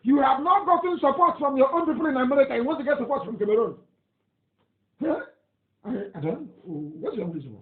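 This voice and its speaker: This very high-pitched man speaks briskly and with plenty of animation, his Nigerian accent clear as he reads listener messages on live radio. He hammers the points home indignantly, repeating himself. The sound is thin and phone-like, bouncing around an echoey space.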